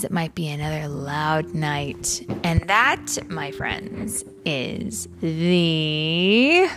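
A woman reading a picture book aloud to children, slowly, making animal sound effects and adding chatty asides to her listeners. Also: lowish voice. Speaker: storytime reader.

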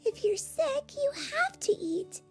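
A woman voicing Little Red Riding Hood, a caring young girl, in a high, insistent storybook voice. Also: very animated, takes it slowly, faint music behind, full character voice.

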